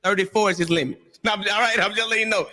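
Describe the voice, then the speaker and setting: Animated man telling stories in a reverberant room. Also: high voice, fast talker, slight background noise. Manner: animated storyteller, acts out quotes. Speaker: panelist. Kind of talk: animated panel discussion.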